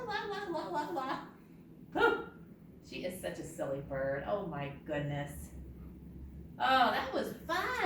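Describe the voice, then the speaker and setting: A woman librarian leading a preschool storytime, sing-song and playful, drawing out words for small children. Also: medium pitch. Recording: distant, roomy, noisy recording.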